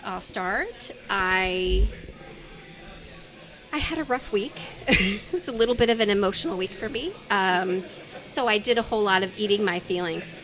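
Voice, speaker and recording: A woman hosting a podcast in casual chat, chatty and quick to laugh. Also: mid-range voice, fairly bright tone, soft background music. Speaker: podcast host.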